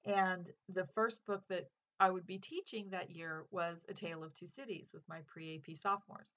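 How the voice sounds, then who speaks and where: A woman's voice: lowish voice, fairly even intonation, moderate pace, fairly bright tone, muffled recording. A woman English teacher hosting a literature podcast, giving a casual spoken lesson in an earnest, chatty way with fillers.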